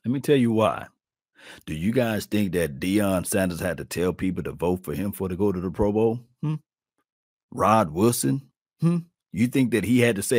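A man hosting a casual sports talk stream, animated and preachy, calling out to viewers as he riffs. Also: on the low side, moderate pace, husky, no room sound, studio quality. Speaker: podcast host.

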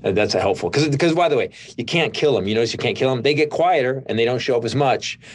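Fast and lively in intonation, a middle-aged male comedian with a medium-pitched voice guests in a casual chat, telling meandering stories full of restarts.

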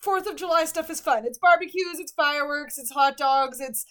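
Woman from Canada, podcast co-host, earnest rambler, slightly high voice. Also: normal speed, fairly bright tone. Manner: rambling, many fillers, earnest. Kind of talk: casual chat.

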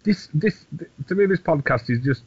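A man's voice: on the high side, expressive, normal speed, husky. A man co-hosting a podcast, chatting casually in a rambling, sweary, self-mocking way. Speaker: podcast co-host. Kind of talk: casual chat. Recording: dull lo-fi audio.

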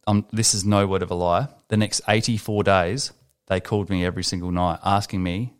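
A man telling stories in casual chat, swearing freely and animated. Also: low voice, a little fast, clear, resonant tone. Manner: profane, animated storytelling.

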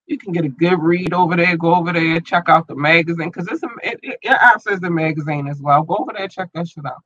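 Rambling podcast host with a dull, dry sound. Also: male voice, on the high side, fast, hardly any pauses, a bit bright, no room sound. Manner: loose, rambling, slangy, repeats himself. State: eye irritated, tearing up. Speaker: podcast and online radio host. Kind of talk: casual shout-outs to listeners.

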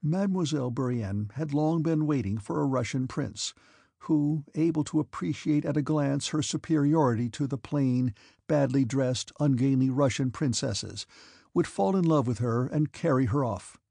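Gravelly, husky male audiobook narrator. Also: medium pitch, normal speed, warm tone, dry recording.

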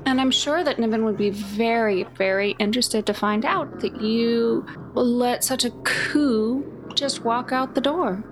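A woman player role-playing her character in a theatrical, smooth, flirtatious manner. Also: fairly high pitch, a little slow, hardly any pauses, noisy background.

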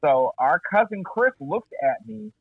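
A man's voice: high-pitched, unhurried, creaky, slightly rough, no echo, phone-quality sound. A man in casual podcast chat, animatedly telling a profane story and acting out other people's lines. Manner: animated, profane, acts out quoted voices.

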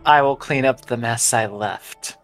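A woman's voice: a bass voice, unhurried, faint music behind, pitched below the performer's own voice. A woman voicing a patient male dwarf who has turned cold and furious, speaking in clipped, final sentences. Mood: cold stern.

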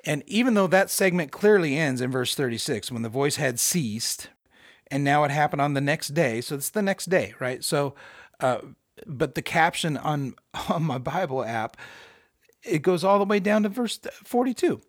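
A man hosting a podcast, giving a casual, animated Bible study with emphatic, self-deprecating asides. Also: fairly high pitch, normal speed, no room sound, studio quality. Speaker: podcast host.

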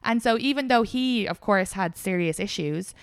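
A young woman co-hosting a podcast, telling candid dating stories in a frank, animated way and laughing often. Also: medium pitch, moderate pace, clear, resonant tone, no room sound, clean studio sound. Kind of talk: candid casual chat.

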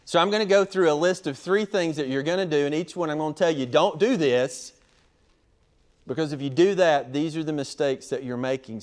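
A man preaching a sermon, animated, acting out quotes as he teaches. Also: medium pitch. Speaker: pastor.

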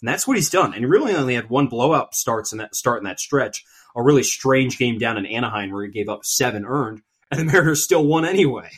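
Earnest male podcast co-host, mid-pitched. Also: animated, fast, husky. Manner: earnest, rambling with restarts. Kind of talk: casual sports chat.

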